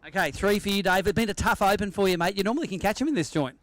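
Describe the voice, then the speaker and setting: Talking very fast in a high-pitched voice, an Australian man hosts an outdoor fishing weigh-in at a sailing club, joking with and teasing the anglers as he commentates live. The recording is dry.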